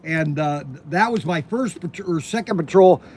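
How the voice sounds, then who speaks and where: A man's voice: fairly high pitch, moderate pace, darkish tone, a little hiss or hum. A man in his sixties telling rambling stories at an outdoor campfire, acting out what others said. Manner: rambling, acts out quoted voices. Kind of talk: casual storytelling.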